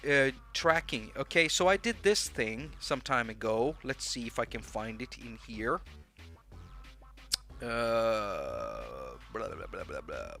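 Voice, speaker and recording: A man with a medium-pitched, bright, forceful voice and a Swedish accent, from Sweden, runs a casual livestream chat. He rambles rapid-fire and jumps between thoughts, with faint music in the background.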